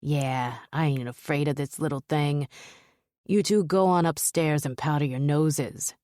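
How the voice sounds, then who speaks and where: Woman doing a nasal male gangster, crude, mocking, low mellow tone, dry close sound. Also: takes it slowly, dry recording. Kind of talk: audiobook character voice.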